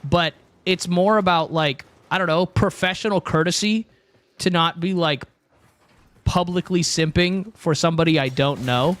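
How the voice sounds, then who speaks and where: A man's voice: a little high, normal speed, fairly bright tone. A young man streaming, chatting casually and rambling with jokes to his chat. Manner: rambling, joking, talks to chat.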